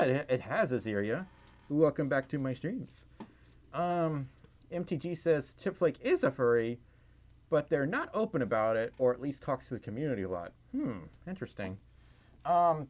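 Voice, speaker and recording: A man casually reading and answering viewer chat on a livestream, giggling and rambling with lots of fillers. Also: mid-range voice. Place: indoors at home, in a fursuit.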